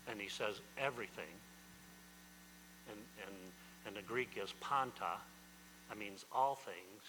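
A man's voice: on the low side, a little slow, pauses often, bright, forceful tone, in a large hall, slight background noise, low-quality recording. A man preaching a sermon as pastor, emphatic and repetitive, often restarting his phrases.

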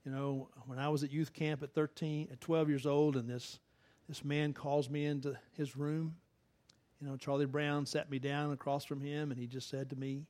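A man's voice: a little high, flat delivery, moderate pace, darkish tone, no echo. A middle-aged male pastor preaching in a conversational way, laughing often and acting out the quotes he tells. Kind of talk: sermon.

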